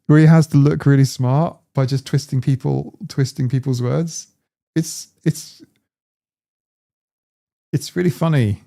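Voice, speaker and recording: A man's voice: medium pitch, fairly even intonation, measured pace, creaky, pauses often, mellow. A man hosting a live stream, chatting casually in a rambling, digressive way. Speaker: streamer host.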